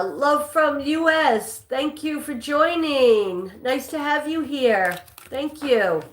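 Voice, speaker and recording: A woman hosting a live-stream trivia game, chatting with viewers and reading questions aloud, sometimes stumbling and restarting a line. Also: high-pitched. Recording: echoey room.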